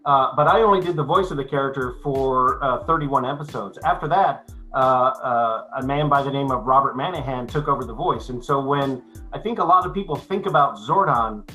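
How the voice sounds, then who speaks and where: A man's voice: mid-range voice, bright, forceful tone, faint music behind, low-quality recording. An older man, an actor, chatting as a guest in an interview, with many restarts and fillers. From United States. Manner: halting, many restarts and fillers, then clear and measured. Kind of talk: casual interview chat.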